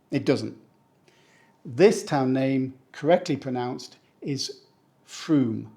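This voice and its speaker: A man from England, a teacher giving a playful pronunciation lesson who slows down to say each word. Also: mid-range voice, darkish tone. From northeast England. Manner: playful, slows down to spell out words. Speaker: English teacher.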